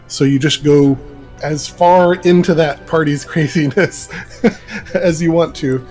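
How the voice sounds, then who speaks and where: A man's voice: a little high, slow pace, darkish tone. Guy explaining stuff plainly on a stream, bit of music behind. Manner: explaining, matter-of-fact. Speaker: guest on a game stream. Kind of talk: casual chat.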